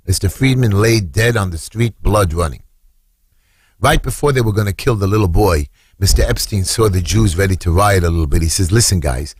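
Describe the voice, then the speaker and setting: In studio-quality audio with no echo, a husky-voiced, middle-aged man from Brooklyn, New York, a council candidate, recounts an emotional story on the radio. He tells it dramatically, his voice swinging widely and jumping high as he imitates screams.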